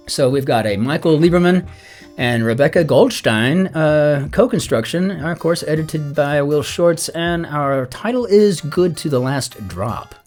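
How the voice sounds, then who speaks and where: Chatty middle-aged man solving a crossword. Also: a little high. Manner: chatty, rambling, mutters clues half to himself. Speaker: crossword solver and channel host. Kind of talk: casual think-aloud puzzle solving. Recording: soft guitar music underneath.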